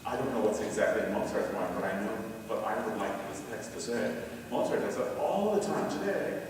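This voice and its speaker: A man's voice: on the low side, fairly quick. Guy teaching choir conducting, sings bits of the music, big echoey hall, sounds far off from the mic, faint hiss. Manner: animated, sings phrases aloud to demonstrate. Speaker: choral conductor giving a workshop. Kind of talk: conference lecture on score study. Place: large lecture hall.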